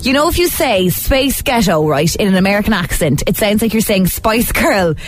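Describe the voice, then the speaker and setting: A woman's voice: mid-range voice, very animated, brisk. A woman hosting an evening radio phone-in, bubbly and playful, laughing often with callers. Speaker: radio show host. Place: radio studio.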